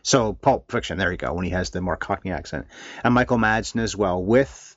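A man co-hosting a casual film discussion, animated and blunt, with some swearing. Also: sits low, brisk, no echo, muffled recording. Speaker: film podcast co-host.

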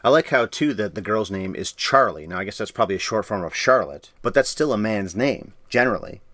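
A man co-hosting a podcast, talking through a horror film in casual chat with quick, jokey asides. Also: lowish voice, animated, fairly bright tone, no room sound. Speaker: podcast co-host.

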